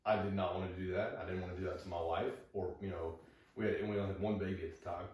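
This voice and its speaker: A man's voice: sits low, little pitch movement, rapid-fire, darkish tone. A man in his thirties, a podcast guest talking casually with many fillers and restarts. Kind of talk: casual conversation. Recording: echoey room, far from the mic.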